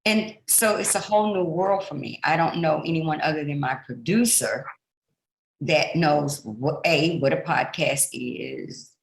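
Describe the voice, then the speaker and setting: A woman's voice: low-pitched, a little slow, vocal fry, roomy sound, low-quality recording. A woman hosting a podcast as a pastor, speaking in an earnest, chatty way and poking fun at herself in a casual interview.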